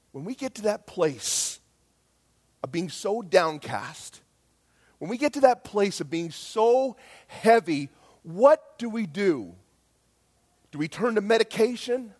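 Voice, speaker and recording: A middle-aged male pastor preaching a sermon with passion, dropping to near-whispers and rising to loud calls. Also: high-pitched. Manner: impassioned, swings from hushed to loud.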